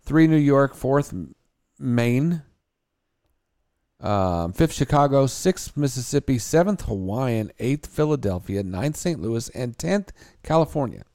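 A man's voice: mid-range voice, animated, takes it slowly, dark tone. A man co-hosting a casual morning talk show, reading out survey results and joking between items. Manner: reads survey results aloud with jokes. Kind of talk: casual chat.

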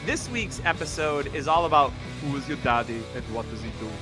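A man's voice: on the high side, animated, brisk, over music. A man hosting a podcast in casual chat, joking and teasing his co-hosts. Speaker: podcast host.

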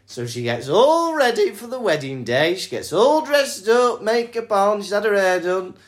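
Young man, podcast co-host, casual storytelling, animated, swooping intonation. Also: high voice, normal speed. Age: young adult. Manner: animated, playful narrating with put-on voices.

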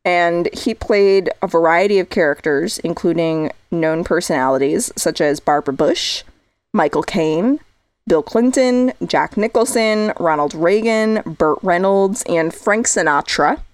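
Chatty woman with a low, dry voice. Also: unhurried, dry recording. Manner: chatty, tangential, laughs often. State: losing her voice. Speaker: podcast co-host. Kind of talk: casual chat.

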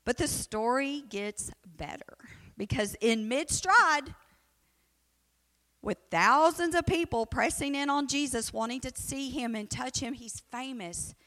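A woman's voice: sits high, measured pace, fairly bright tone, in a large hall. A woman teaching an adult Bible study in a conversational way, who often acts out the quotes in her story.

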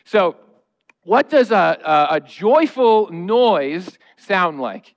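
A man's voice: high voice, expressive, very slow, dull audio. A man in his thirties, a pastor, preaching a conversational, humorous sermon in a church. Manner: humorous, conversational, acting out noises and quotes. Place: church sanctuary.

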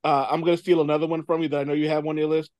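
A man hosting a casual podcast chat, animated, swearing and laughing a lot. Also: a little high, very fast, no room sound, clean studio sound. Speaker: podcast host.

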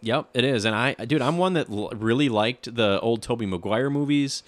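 A man's voice: mid-range voice, normal speed, dry recording. A man co-hosting a casual podcast about movies, enthusiastic and casually swearing. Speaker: podcast co-host. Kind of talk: casual chat.

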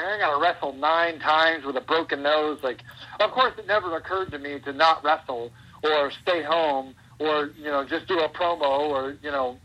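A man in his forties, a pro wrestler guest, telling stories in a rambling, animated way and laughing often. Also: on the high side, husky, low-quality recording. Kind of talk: casual interview chat.

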